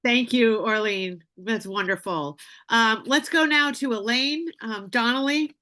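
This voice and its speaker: A woman with a bright, fairly high voice runs the meeting. She briskly thanks one speaker and hands over to the next. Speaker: meeting moderator.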